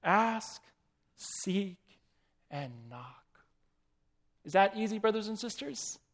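A man's voice: sits high, animated, slow pace. A man preaching a sermon, asking the congregation questions and reading quotations aloud.

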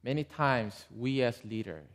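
Male pastor, sermon storytelling, lively up-and-down pitch, asides to listeners. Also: a little slow.

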